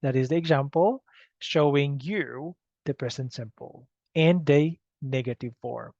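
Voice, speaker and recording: A man's voice: mid-range voice, gravelly, darkish tone, no echo. A man teaching an English grammar lesson, speaking patiently and often checking in with "okay?" on a dull, dry recording. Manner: slow, patient, repeats "okay?" to check understanding.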